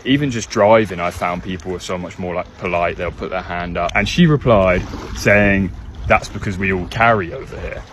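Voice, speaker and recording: A British man with a very low voice talks to camera in a relaxed, musing way, leaning on casual fillers. Steady background noise and the hum of boats sit behind him. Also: normal speed. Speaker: visitor talking to camera. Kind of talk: casual vlog chat.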